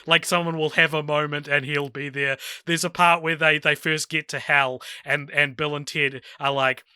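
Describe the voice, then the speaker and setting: Male podcast co-host, fairly high voice, excitable and sweary, casual film chat. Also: moderate pace, clean tone, no echo, studio quality.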